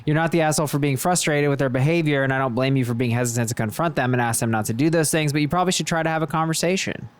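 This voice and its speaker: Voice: medium pitch, rapid-fire, few pauses, clean tone. A podcast host chatting playfully and reading listener comments aloud. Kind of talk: casual chat, reading posts aloud.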